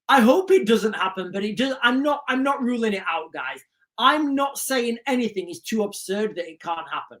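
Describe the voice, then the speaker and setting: A woman hosting a live stream from a home desk mic, speaking at a middling pitch. She reads out chat comments and answers with sarcasm and emphatic repetition. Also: big pitch swings, moderate pace, a bit bright. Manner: sarcastic, emphatic, repeats key lines. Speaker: livestream host. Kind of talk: livestream commentary reading chat.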